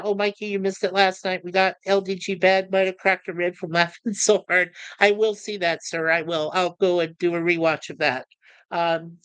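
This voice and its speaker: A woman's voice: medium pitch, clean tone, no echo. Rambling woman hosting a livestream. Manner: rambling, halting, many fillers and restarts. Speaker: livestream host. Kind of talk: casual livestream chat, reading comments aloud.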